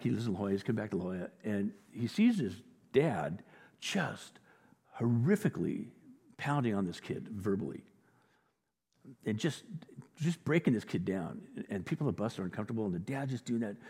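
A man with a husky, breathy voice delivers a sermon in a conversational, story-driven way, building up to emphatic points. His slightly low voice carries a long reverb tail from a large hall. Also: expressive, a little fast, a little mellow. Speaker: pastor.

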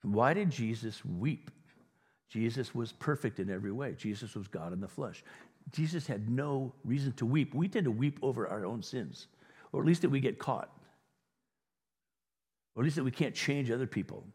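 A man's voice: mid-range voice, animated, moderate pace, darkish tone, husky, long reverb tail. A man preaching a sermon as pastor, talking to his congregation in a conversational way and acting out the voices of imagined people.

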